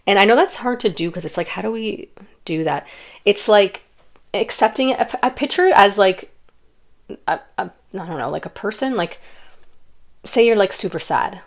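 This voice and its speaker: A young woman giving an intuitive pick-a-card reading, gentle and rambling with many fillers and restarts. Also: mid-range voice, lively intonation, moderate pace, long pauses. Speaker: tarot card reader.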